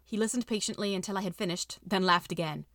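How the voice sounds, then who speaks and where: A woman reads a story aloud in a steady, expressive narration. Her voice sits at a middle pitch, and the recording is dry and close, with no room sound. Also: quick pace, no echo. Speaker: audiobook reader. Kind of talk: reading an AI-written story aloud.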